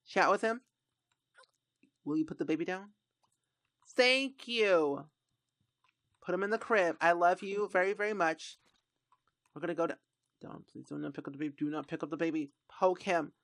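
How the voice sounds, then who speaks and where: A woman streamer narrates a life-sim playthrough in a bright, clear voice. She talks straight to the characters on screen, exasperated and animated, and acts out their drama. The sound is close and dry, with no room around it. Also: lowish voice, moderate pace, long pauses, dry recording. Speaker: gaming streamer. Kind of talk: let's play commentary.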